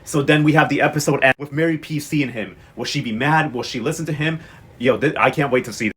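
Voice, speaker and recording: A man's voice: fairly high pitch, brisk, a bit bright. A young man giving a chatty, sassy, slang-filled recap of soap episodes. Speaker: recap vlogger.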